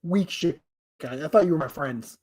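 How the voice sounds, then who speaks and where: A man's voice: a little high, lively intonation, moderate pace, darkish tone. A man hosting a casual live stream, rambling, swearing and making fun of himself. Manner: rambling, profane, self-deprecating. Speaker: livestream host.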